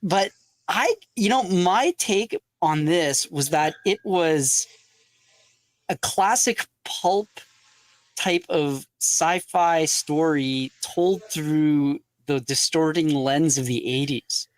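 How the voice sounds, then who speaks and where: A podcast co-host in a casual film discussion who tosses in quick jokes and short interjections. The voice is mid-pitched and sounds dry and close, with no room echo.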